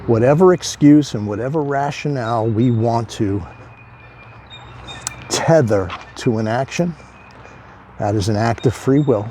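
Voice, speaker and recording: A man's voice: mid-range voice, unhurried, long pauses, mellow, a little hiss or hum. A man giving a motivational talk on addiction recovery, conversational and emphatic, repeating key phrases.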